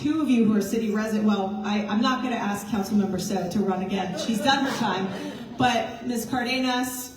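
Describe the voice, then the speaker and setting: A woman's voice: mid-range voice, a little fast. A woman party chair, tired from little sleep, talking casually to a crowd in a rambling, self-mocking way and laughing between thoughts. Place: large indoor meeting room with a crowd. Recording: echoey hall, voice from far off.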